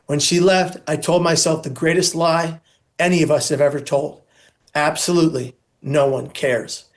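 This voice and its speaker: A man's voice: on the high side, steady tone, normal speed. A man speaking as an interview guest, earnest and emphatic, building his points in repeated lists. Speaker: guest, suicide prevention speaker. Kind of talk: earnest advocacy talk.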